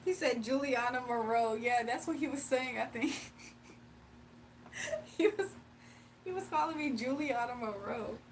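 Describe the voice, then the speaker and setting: Laughing often and staying loose and playful, a woman from Virginia, USA, chats casually on her livestream while reading comments. She speaks unhurriedly in a slightly high voice, pausing often. The mic is a bit distant, with faint room noise in the background.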